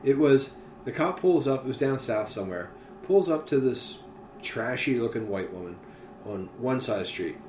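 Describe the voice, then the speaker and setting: A man chatting casually as a podcast co-host, telling stories in an animated way and swearing freely. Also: mid-range voice, moderate pace, distant mic. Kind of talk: casual chat. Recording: echoey room with faint noise.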